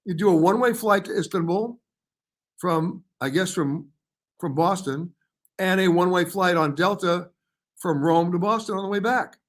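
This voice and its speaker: A chatty male travel host answers viewers live, reading their comments aloud and passing quick verdicts on their guesses. His voice sits a little higher than most men's, and he keeps it loose and conversational. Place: hotel or studio in Paris.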